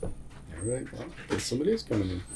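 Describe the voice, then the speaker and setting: A woman's voice: rumbling low, big pitch swings, racing, mellow. A woman hosting a casual podcast chat, making dry, teasing remarks. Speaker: podcast host.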